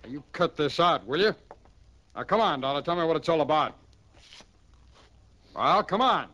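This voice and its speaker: A man's voice: fairly high pitch, animated, moderate pace, sharp tone, a little hiss or hum. An actor playing an impatient male police captain in a 1950s radio drama, pushy and scolding.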